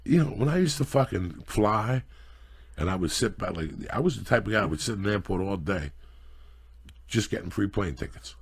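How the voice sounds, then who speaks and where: A middle-aged man hosting a casual podcast chat, ranting loudly and profanely in a preachy way. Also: on the low side, expressive, fairly quick. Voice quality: gravelly and husky. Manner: loud, profane, preachy rants. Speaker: podcast host.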